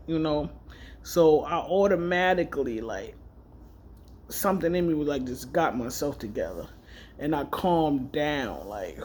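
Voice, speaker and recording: Candid man with a higher voice, rambling. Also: a little hiss or hum. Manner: candid, rambling, emotional retelling with self-corrections. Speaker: vlogger. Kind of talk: casual personal storytelling vlog.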